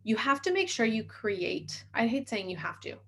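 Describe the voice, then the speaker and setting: A woman hosts a self-help podcast as a mindset coach. She talks quickly in an upbeat, encouraging way, walking listeners through steps. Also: fairly high pitch, very animated, fairly bright tone.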